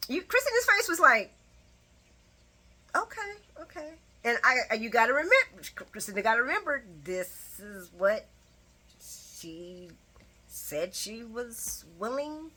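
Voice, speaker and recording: Chatty, animated woman with sassy asides. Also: on the high side, slow. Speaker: soap opera recap vlogger. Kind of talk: casual chat.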